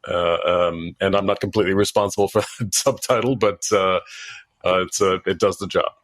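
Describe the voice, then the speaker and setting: A man with a deep, low voice answers interview questions slowly, pausing often and restarting his sentences. The sound is dry and close, with no room echo. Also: steady tone, fairly bright tone. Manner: halting, many fillers and restarts. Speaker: guest, author and former diplomat. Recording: dry sound, breaking up at times.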